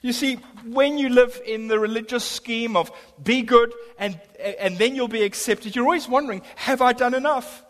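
A man's voice: extremely high pitch, normal speed, few pauses. A middle-aged man preaching a sermon as pastor, his voice swelling on key lines. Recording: long hall reverb.

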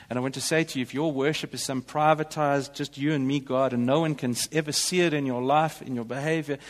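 Earnest male pastor preaching in a hall. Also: medium pitch. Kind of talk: sermon. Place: church.

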